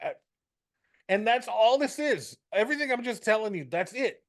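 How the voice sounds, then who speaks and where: A man's voice: high-pitched, lively intonation, moderate pace. A man co-hosting a casual podcast chat, ranting and joking with profanity. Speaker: podcast co-host.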